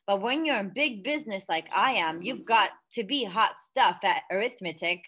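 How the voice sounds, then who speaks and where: Woman reading as a loud pompous father, bright voice, quick to shout. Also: mid-range voice, lively intonation. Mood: boastful. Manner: boastful, then shouting and accusing. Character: blustering pompous middle-aged father, quick to anger.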